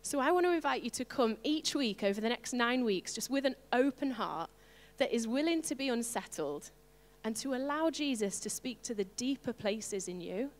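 A woman preaching a sermon to her congregation, animated and playful, with asides to the listeners. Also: a little high, moderate pace, few pauses, in a large hall. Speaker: pastor.

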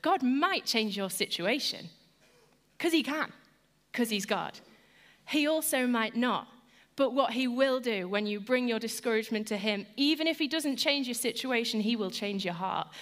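A woman's voice: a little high, normal speed, fairly bright tone. A woman giving a Christian devotional talk, earnest, personal and conversational. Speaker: Christian speaker.

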